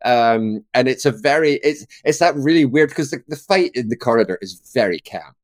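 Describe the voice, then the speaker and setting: A man co-hosting a podcast in casual chat, animated and laughing often as he acts out quoted lines. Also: mid-range voice, moderate pace, no echo, studio quality. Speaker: podcast co-host.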